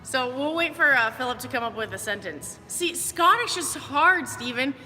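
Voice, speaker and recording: A woman's voice: high voice, animated, normal speed, sharp tone, in a large hall, soft background music. A woman fitness coach giving upbeat, chatty movement cues during a live workout.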